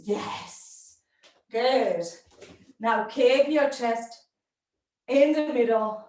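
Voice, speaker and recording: A woman's voice: a little high, extremely slow, pauses often, a little mellow. A woman teaching a yoga class, giving short encouraging cues and breathing as she moves along with the class. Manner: encouraging cues in short commands, breathing and moving while talking. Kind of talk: live yoga class instruction. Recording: very echoey room, distant mic.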